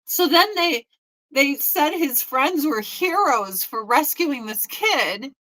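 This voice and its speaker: A woman's voice: sits high, lively intonation, slow pace, pushed and bright, low-quality recording. A woman in her forties hosting a casual morning chat, blunt and profane, often mocking people in put-on voices. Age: 40s. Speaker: host.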